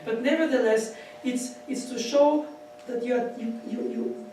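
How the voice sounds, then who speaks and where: A man giving a piano masterclass, animated and laughing as he counts beats aloud. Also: very high voice, measured pace, slight background noise. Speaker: piano teacher. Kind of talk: masterclass instruction. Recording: echoey hall from far off, piano. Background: piano playing.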